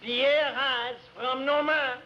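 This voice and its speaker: A man playing a vain continental lover with a put-on French accent, drawing out sweet nothings slowly. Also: extremely high pitch, steady tone, muffled recording. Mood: crooning. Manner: drawn-out crooning endearments. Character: smooth-talking French male lover, vain. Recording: scratchy 1940s radio, studio audience.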